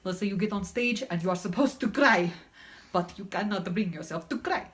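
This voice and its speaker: A woman playing a blunt Russian woman with a put-on Russian accent and broken grammar, talking in a deadpan, matter-of-fact way in a class skit. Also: mid-range voice, a little fast, close to an everyday voice. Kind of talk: comedic skit interview.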